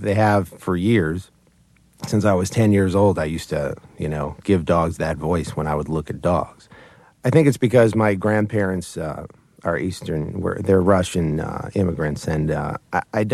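A man who creates puppet shows, telling stories in a casual interview, animated and often laughing between his words. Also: sits low, no room sound. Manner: animated, laughs often mid-sentence, quick restarts.

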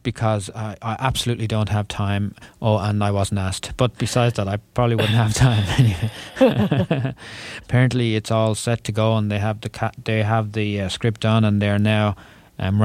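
An Irish man talks as an interview guest, rambling happily with small jokes and laughs. His voice sits low. The sound is close and dry, like a studio booth. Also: fairly even intonation, moderate pace, darkish tone, no room sound. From Ireland. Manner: chatty, joking, laughs often. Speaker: author guest. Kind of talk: interview conversation.

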